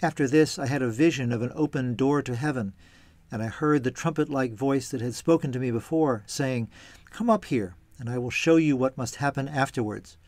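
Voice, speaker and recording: A man giving a measured, reverent reading of scripture followed by a calm reflection, delivered deliberately for a church series. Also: mid-range voice, dry recording. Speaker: church reader and teacher.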